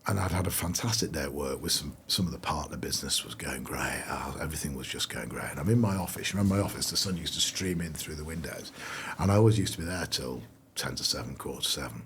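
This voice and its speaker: A man's voice: extremely low pitch, fast talker, a bit bright, a little hiss or hum. A middle-aged man, a brand founder being interviewed, talking casually and rambling with lots of fillers and restarts. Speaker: guest.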